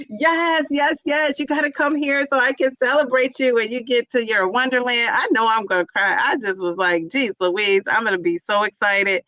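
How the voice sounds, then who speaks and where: A woman's voice: on the high side, fairly even intonation, measured pace, sharp tone, no room sound, poor audio. Bubbly woman cheering on her livestream viewers. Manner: chatty, rambling with fillers. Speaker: livestream host reading viewer chat. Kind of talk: casual live chat.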